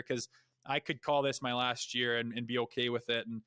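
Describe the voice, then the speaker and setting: A man's voice: medium pitch, fast, smooth, no room sound. A man talking as a podcast guest, a retired hockey player telling blunt, profane stories in casual chat. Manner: blunt and profane, with animated asides. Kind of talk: casual storytelling.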